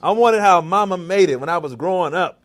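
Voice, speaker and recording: A man's voice: sits high, fairly quick. A man giving a vegan cooking demonstration to a live audience, calling out to the crowd like a preacher. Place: church hall kitchen.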